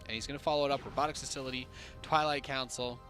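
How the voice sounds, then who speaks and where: A man's voice: mid-range voice, fairly even intonation, quick pace, a bit bright, soft background music. A man casting a live esports match, playful and jokey as he talks through the play. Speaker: esports caster. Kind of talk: play-by-play commentary.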